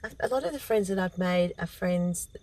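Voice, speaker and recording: A woman with an Australian accent, chatting as a guest comedian in a casual interview, self-deprecating and quick to laugh. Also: lowish voice, mellow, dry recording, poor audio.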